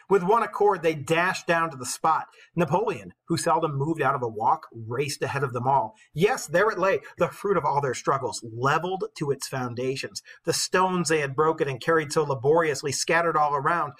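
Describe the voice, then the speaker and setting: A male teacher reading a novel aloud with expressive storytelling, pausing to comment for his class. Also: a little high, slightly rough, low-quality recording.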